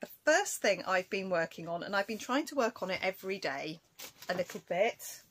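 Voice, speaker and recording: A woman's voice: medium pitch, expressive, moderate pace, a little hiss or hum. A woman chatting casually to camera in a cross-stitch vlog, rambling and breaking off to scold her cat.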